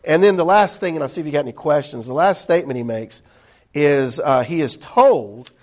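A man's voice: fairly high pitch, a little fast, a little mellow. A man teaching a Bible study class in an indoor room, talking conversationally with many fillers and restarts.

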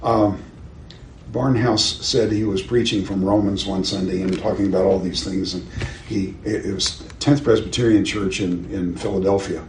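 A man's voice: low-pitched, fairly even intonation, normal speed, a little mellow. An older man teaching a Bible class in a conversational way, asking his listeners questions and chuckling at his own stories. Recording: roomy with faint background noise.

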